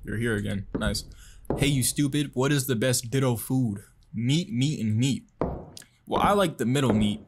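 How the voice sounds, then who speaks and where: A man's voice: medium pitch, noisy background. A young man giving casual, profane, jumpy gameplay commentary as a streamer. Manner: excitable, profane, jumpy reactions. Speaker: gaming streamer.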